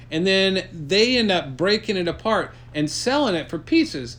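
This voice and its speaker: A man improvising a silly story for his child, playful and rambling with deadpan jokes. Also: on the high side.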